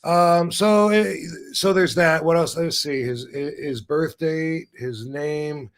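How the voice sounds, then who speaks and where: A middle-aged man hosting a live stream from a video call, his voice pitched a little higher than most men's. He rambles in animated bursts, restarting and cursing casually, like a loose, unscripted chat between friends. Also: slow. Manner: rambling, animated, swears freely. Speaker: show host. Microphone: video call setup.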